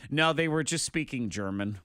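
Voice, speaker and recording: A man's voice: medium pitch, lively intonation, normal speed, a bit bright, no room sound. A man hosting a morning radio show, telling odd news stories in casual banter with a wry, teasing manner. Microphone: studio microphone.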